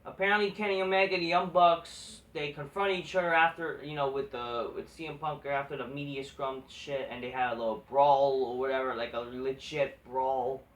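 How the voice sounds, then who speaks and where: A wrestling commentary vlogger goes on a casual, profane rant about wrestling news, rambling and exasperated with lots of restarts. His mid-range voice is fairly bright, with fairly even intonation, a moderate pace and few pauses, recorded far off the mic in an echoey room.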